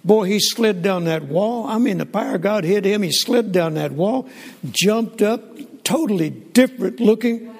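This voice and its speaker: An older man, telling stories in a folksy, animated sermon with frequent restarts. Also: sits high, normal speed, slightly rough. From Southern United States. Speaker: preacher. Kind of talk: sermon storytelling. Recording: long hall reverb.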